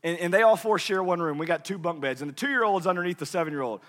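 A man in his thirties preaching a sermon, swinging between hushed murmurs and shouted peaks. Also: high-pitched, lively intonation, quick pace. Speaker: pastor. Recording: long hall reverb.

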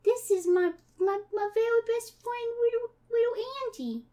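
A woman voicing a creepy undead little girl who talks in a cutesy, drawn-out sing-song. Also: extremely high pitch, mellow, voice pushed up. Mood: eerie sweet.

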